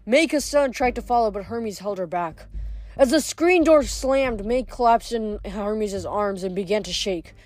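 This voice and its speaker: Brisk woman reading a novel aloud. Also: mid-range voice, expressive, darkish tone, no echo. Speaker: reader.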